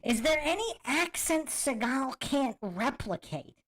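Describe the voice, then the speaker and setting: A woman's voice: high-pitched, big pitch swings, measured pace, fairly bright tone. A woman hosting a podcast, reacting to clips with incredulous rhetorical questions. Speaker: podcast host. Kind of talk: reaction commentary.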